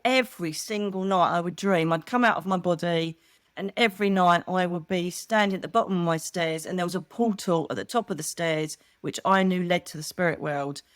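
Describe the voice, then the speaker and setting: A middle-aged English psychic medium chats casually as an interview guest, telling animated stories and acting out the voices she quotes. Her voice sits at medium pitch, recorded at studio quality with no room sound.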